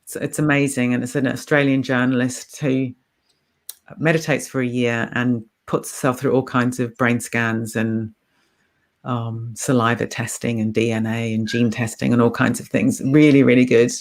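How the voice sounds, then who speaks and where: A woman with an anglicized New Zealand accent, a mindfulness teacher speaking as a guest in calm, encouraging casual chat. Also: rumbling low, normal speed.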